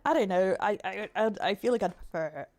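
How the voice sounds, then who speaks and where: A woman's voice: medium pitch, lively intonation, fairly quick, a little mellow. Chatty woman streamer who laughs a lot. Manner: chatty, laughs often, stammers. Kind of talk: casual reaction commentary.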